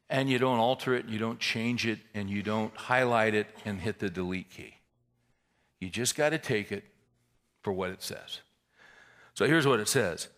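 A man preaching a sermon, telling a story in a conversational way that builds to loud, intense climaxes. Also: mid-range voice. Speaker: pastor.

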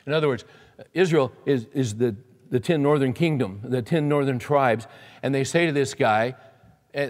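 A pastor with a mid-range voice and moderate pace delivers a folksy sermon. He reads from scripture and chats plainly with the congregation, and the hall around him is full of reverb.

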